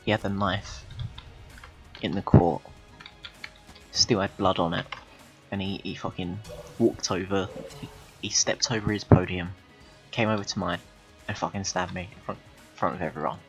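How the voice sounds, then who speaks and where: A man rambling through an absurd, deadpan story with frequent swearing while commentating on a game. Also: low-pitched, moderate pace, long pauses, soft background music. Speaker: gaming video host. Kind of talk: rambling comedic gameplay commentary.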